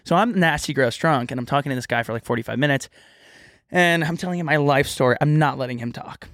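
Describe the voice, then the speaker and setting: A man's voice: a little high, fast, a bit bright, no room sound, clean studio sound. A young man co-hosting a podcast, telling long rambling stories in casual chat with a lot of "like". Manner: rambling storyteller, heavy use of "like". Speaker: podcast co-host.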